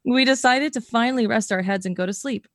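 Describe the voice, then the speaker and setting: Young woman podcast host reading a story aloud, expressive, dry close sound. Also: fairly high pitch, quick pace, no room sound. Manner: expressive reading, breaks into laughter and swearing.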